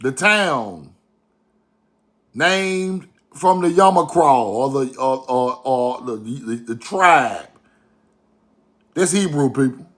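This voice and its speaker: A man's voice: mid-range voice, lively intonation, slow, long pauses. A man with talking casually to his viewers, emphatic and repetitive, often checking "right?" with them. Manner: emphatic, repetitive, asks viewers rhetorical questions. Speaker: online history commentator. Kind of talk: casual video commentary to viewers.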